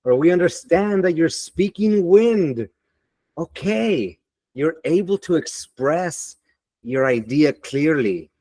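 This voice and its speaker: A man giving an online teaching webinar in a deliberate, emphatic and motivational way, on a computer mic over a video call. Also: fairly high pitch, lively intonation, warm tone, dry recording.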